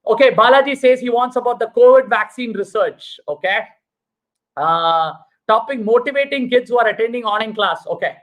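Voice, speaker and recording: A man's voice: very high voice, fairly bright tone, low-quality recording. A man with an Indian English accent, a psychiatrist hosting a motivational live session. He speaks earnestly, repeats his key lines and reads viewer comments aloud.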